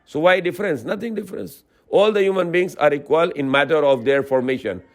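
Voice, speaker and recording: A man's voice: a little high, brisk, gravelly. A male Islamic preacher giving a religious lecture in non-native English, often restarting phrases, asking the audience rhetorical questions and quoting Arabic scripture.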